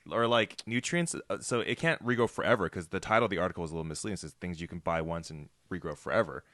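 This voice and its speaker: A deep-voiced man co-hosting a casual studio chat. He questions claims in a skeptical way. His voice sounds dry and close, with no room echo. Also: rapid-fire, a bit bright. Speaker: co-host.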